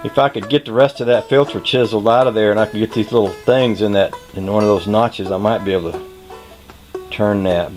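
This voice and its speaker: Folksy wry man working on his car. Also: fairly low pitch. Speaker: home car mechanic vlogger. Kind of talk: casual talk to camera. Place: at home working on an old car outdoors.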